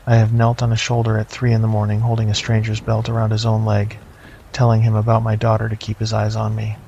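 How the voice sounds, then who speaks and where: Middle-aged male horror narrator, deadpan, low gravelly voice, faint background hiss. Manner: slow, measured, deadpan. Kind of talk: first-person horror narration. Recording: slightly dull lo-fi, faint noise.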